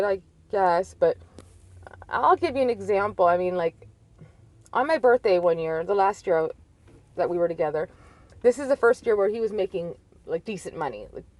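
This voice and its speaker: A woman's voice: mid-range voice, darkish tone. A woman in her thirties telling a personal story in a candid, rambling way, full of filler likes. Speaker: vlogger.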